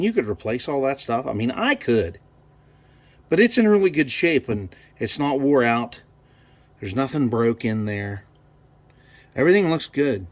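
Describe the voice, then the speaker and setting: A man in his garage talking through a carburetor rebuild, rambling and swearing freely as he works. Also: medium pitch. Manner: profane, rambling, thinks aloud. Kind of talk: casual workshop how-to.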